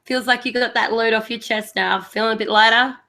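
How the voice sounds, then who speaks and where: A woman's voice: a little high, a little fast. An Australian woman hosting a podcast, chatting casually and ranting with playful indignation. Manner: animated, mock-indignant ranting. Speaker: podcast host. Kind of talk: casual chat.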